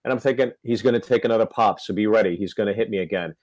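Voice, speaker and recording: Animated male comedian telling a story. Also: lowish voice, very fast, no room sound, low-quality recording. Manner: animated storyteller acting out quotes. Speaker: comedian guest. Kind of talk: storytelling on a podcast.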